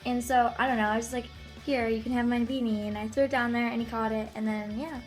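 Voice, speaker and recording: A woman's voice: a little high, steady tone, fast, soft background music. A young woman co-hosting a casual vlog, chatty and full of fillers. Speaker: vlog co-host. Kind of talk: casual chat.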